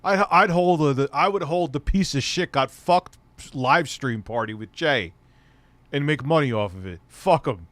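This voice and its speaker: A man's voice: fairly high pitch, animated, a little slow, fairly bright tone, dry recording. Swearing man ranting over clips. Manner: crude, swearing rant with laughs. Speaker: commentary host reacting to clips. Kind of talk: profane reaction commentary.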